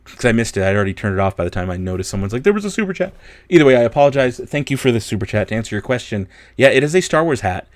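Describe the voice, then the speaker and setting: A man's voice: mid-range voice, no room sound, clean studio sound. Laughing, chatty young male streamer. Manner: laughs often, chatty, rambling, self-deprecating. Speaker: livestream host. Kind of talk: casual livestream chat.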